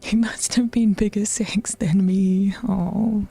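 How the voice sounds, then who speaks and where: Mellow half-whispering woman streamer. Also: medium pitch, fairly even intonation, slow, creaky, breathy edge, faint music behind. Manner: often half-whispered, laughing, swearing casually. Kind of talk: casual livestream chat while working out.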